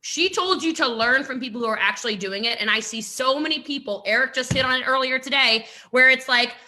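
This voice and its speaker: A woman's voice: sits high, fairly quick, bright, forceful tone. A woman giving a motivational coaching talk on a live stream, emphatic, driving points home with repetition and rhetorical questions. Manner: emphatic, repeats lines for punch, rhetorical questions. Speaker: network marketing coach.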